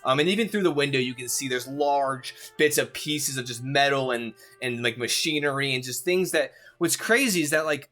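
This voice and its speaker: A man's voice: medium pitch, moderate pace, hardly any pauses, sharp tone. A man narrating as game master of a tabletop game, rambling with lots of fillers.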